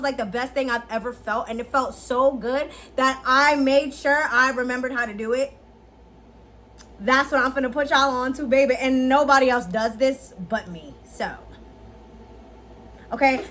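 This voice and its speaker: Young woman vlogger, high-pitched, chatty and animated, slangy casual delivery. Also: a little hiss or hum. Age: 20s. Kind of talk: casual tutorial chat.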